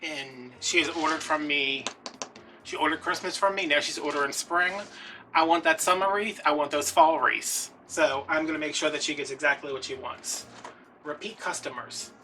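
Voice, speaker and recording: A man's voice: fairly high pitch, moderate pace, pushed and bright, slight background noise. A man hosting a DIY wreath-making vlog, telling rambling, chatty stories with lots of fillers while he crafts. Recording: distant mic with background music.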